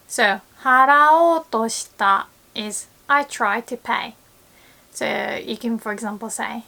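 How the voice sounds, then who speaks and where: A young woman teaching a lesson, often laughing and acting out quoted lines in a lively way. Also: fairly high pitch, takes it slowly. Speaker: Japanese language teacher. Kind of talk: online language lesson.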